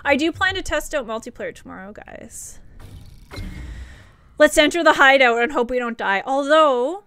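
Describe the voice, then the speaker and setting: A young woman streaming a shooter game, chatty and excitable, laughing often and talking to her viewers. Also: sits high. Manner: excitable, chatty, quick to laugh, talks to chat. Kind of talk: live gameplay commentary.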